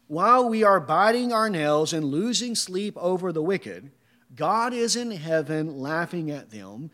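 High-voiced man preaching a sermon. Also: a bit bright. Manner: rhetorical questions, emphatic.

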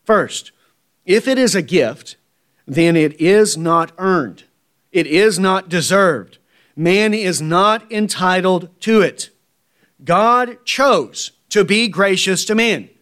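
A man's voice: sits high, takes it slowly, fairly bright tone. A man preaching a sermon in an emphatic, repetitive way, often checking in with "right?".

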